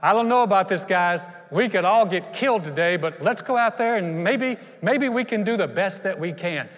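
A man's voice: high-pitched, expressive, normal speed, a bit bright, big-room sound, pitched above the performer's own voice. A man playing a nervous, doubtful male teammate who gives a hesitant, gloomy pep talk in a huddle.

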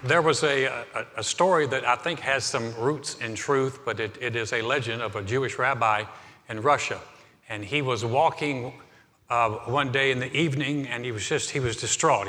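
A middle-aged male pastor delivers a live sermon in a church, his bright voice ringing out with a long hall reverb. He tells stories in a relaxed, conversational manner and often restarts his phrases mid-thought. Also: medium pitch. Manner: storytelling, conversational with repeated restarts. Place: church sanctuary.

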